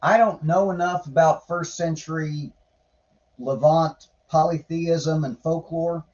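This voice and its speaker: A man's voice: a little high, steady tone, takes it slowly, a little mellow, lo-fi sound. A man giving irreverent, sarcastic casual commentary while reading scripture aloud, swearing now and then. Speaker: podcaster reading and commenting on the Bible.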